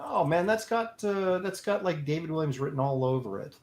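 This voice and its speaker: Male co-host, fairly high voice, needling friends casually. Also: darkish tone. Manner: teasing, quick interjections. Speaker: co-host artist. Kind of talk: casual banter.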